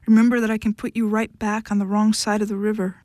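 Weary, firm adult woman, read by a woman; flat, warning tone, dry close sound. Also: mid-range voice, fast, no room sound, close to an everyday voice.

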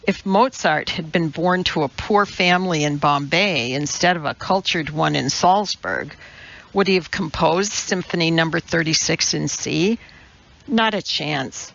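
A woman reading a novel aloud as a narrator, in a slow, measured way. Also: fairly low pitch, gravelly, a bit bright. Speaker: audiobook narrator. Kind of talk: scripted narration. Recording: dull lo-fi recording.

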